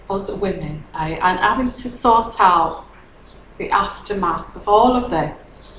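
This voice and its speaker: Woman tarot reader, a little tipsy, slow-paced chatty delivery, repeats herself, echoey room, faint hum. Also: mid-range voice, a bit bright. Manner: chatty, repeats phrases, frequent "okay?". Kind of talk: casual tarot reading.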